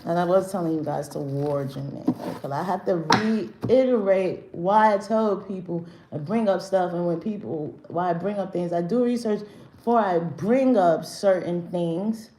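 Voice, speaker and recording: On the low side with a dark tone and a measured pace, a livestream host delivers a brash, profane, confrontational rant, unscripted and rambling with slang and restarts. Her voice echoes in the room with a little hiss or hum.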